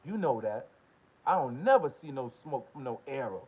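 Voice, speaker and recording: A man's voice: medium pitch, big pitch swings, moderate pace, darkish tone, breathy edge. An American man hosting a political commentary channel, delivering a heated, confrontational monologue full of profanity and repeated short questions. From United States. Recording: dull lo-fi audio.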